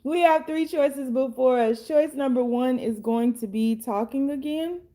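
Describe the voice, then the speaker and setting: A young woman with a hoarse, fading voice, chatting casually and bluntly as she reads tarot cards, swearing now and then. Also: sits high, measured pace, warm tone. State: hoarse, losing her voice. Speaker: tarot reader and life coach.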